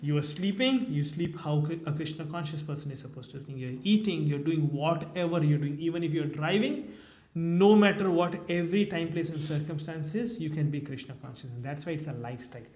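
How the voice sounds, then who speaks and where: Male teacher, a bit high-voiced, lively storyteller, echoey temple hall. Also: fairly quick, a little hiss or hum. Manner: animated storytelling. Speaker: class speaker. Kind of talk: scripture class.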